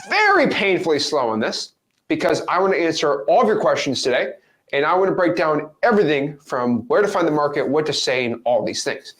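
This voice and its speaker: A young man teaching real estate with lively energy, acting out phone calls in quick different voices. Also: on the high side. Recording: roomy echo.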